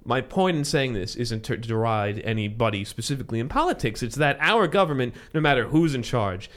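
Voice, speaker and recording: A man's voice: mid-range voice, expressive, brisk. A man hosting a casual podcast chat, rambling with asides and restarts. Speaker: podcast host.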